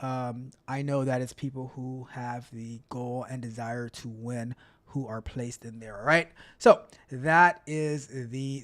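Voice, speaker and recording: A man hosting a casual tech livestream, chatty and upbeat, often repeating himself as he reads the chat. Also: mid-range voice. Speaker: livestream host and tech coach.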